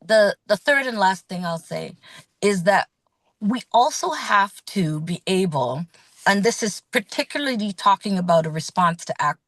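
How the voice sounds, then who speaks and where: A woman speaking as a guest in an earnest, measured, thoughtful way. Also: medium pitch, animated, no echo. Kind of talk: reflective talk.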